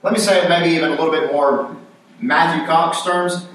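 Heard from afar in a very echoey room, this preacher speaks at normal speed in a high-ish, slightly bright voice with fairly even intonation. His sermon is conversational, and he acts out quotes with building emphasis.

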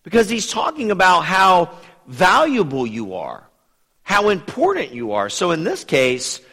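A man with a fairly high, very lively voice teaches a Bible study, talking conversationally and turning to put questions to his listeners. A long hall reverb trails behind his words. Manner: lively, asks the audience questions.

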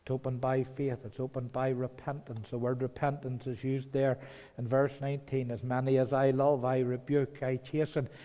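A man preaching a sermon, swinging between loud urgent pleading and soft hushed tones. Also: medium pitch, level tone, normal speed. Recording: long hall reverb.

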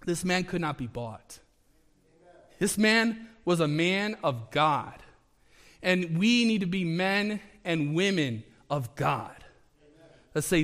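High-voiced preacher in a reverberant hall. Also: male voice, slow. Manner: animated, conversational, acts out the scripture. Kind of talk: sermon.

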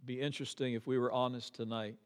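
A middle-aged man preaching, earnest and heartfelt, his voice lifting into pleading cries as he quotes a prayer. His pitch sits in an ordinary middle range. The sound carries a long hall echo, as from a church sanctuary. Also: level tone, fast talker, smooth. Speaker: pastor. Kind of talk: sermon.

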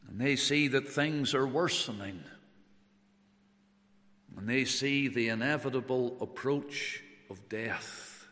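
Preacher with swelling emphatic delivery. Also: male voice, medium pitch, slow pace. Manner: swings between loud emphatic preaching and hushed tender passages; repeats phrases for emphasis. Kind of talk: sermon. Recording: long hall reverb.

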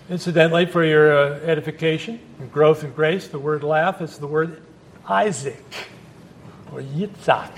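A male pastor preaching a sermon at a church service in a conversational, emphatic way, with asides to the congregation. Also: a little high.

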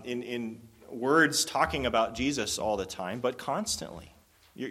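A man's voice: medium pitch, fairly bright tone. A man preaching a sermon, explaining a Bible passage in an earnest, conversational way with frequent restarts. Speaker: pastor.

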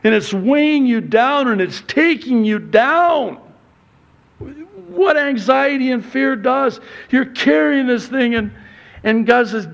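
A man preaching a sermon as pastor. He moves between loud exclamations and soft asides, and acts out dialogue with God in a raised voice. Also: very high-pitched, lively intonation, takes it slowly, vocal fry, highs cut off.

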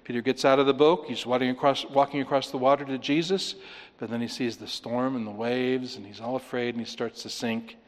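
A man preaching an expository sermon, animated, acting out the voices of the people he talks about. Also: medium pitch, fairly quick, in a large hall. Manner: animated, acts out voices of the disciples. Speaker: pastor.

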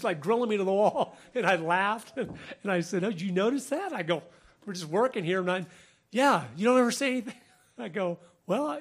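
A man hosting a Christian talk show, speaking earnestly, laughing often and quoting people in lively voices. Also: sits high, slightly rough. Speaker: Christian podcast host. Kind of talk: religious commentary, conversational.

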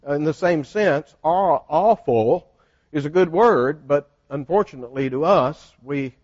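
A man's voice: fairly high pitch, moderate pace, no echo. Folksy older male Bible teacher. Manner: folksy storyteller, animated with laughs. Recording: dull, dry lo-fi recording.

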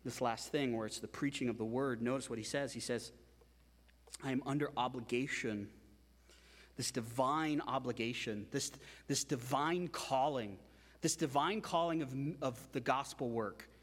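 A man preaching a sermon as pastor, emphatic and animated, with frequent repetitions. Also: mid-range voice, normal speed, big-room sound.

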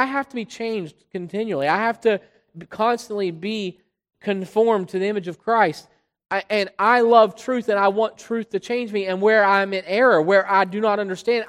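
A preacher giving an expository sermon, pressing hard on key words and then dropping low and quiet, often repeating phrases while building a point. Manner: emphatic, swinging between loud stresses and quiet drops. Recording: long hall reverb.

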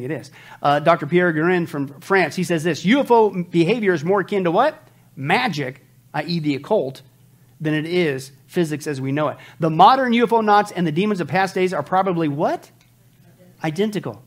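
A man preaching a sermon as pastor, emphatic, throwing rhetorical questions at the congregation and dropping from loud bursts to quiet asides. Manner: swings from loud outbursts to low asides.

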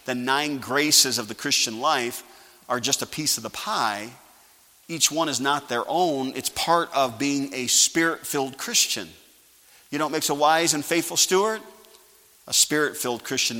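A male pastor preaching a sermon, calling for amens and swinging from quiet asides to loud emphasis. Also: mid-range voice. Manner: preaching with call-and-response. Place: church sanctuary. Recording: live church sanctuary with long reverb.

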